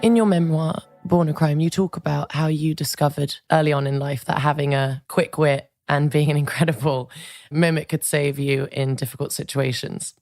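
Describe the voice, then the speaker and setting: A woman with a notably low voice hosting a conversational interview, recorded close and dry. She asks reflective questions in a soft-spoken, unhurried way. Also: steady tone, no room sound, soft background music. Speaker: interview host.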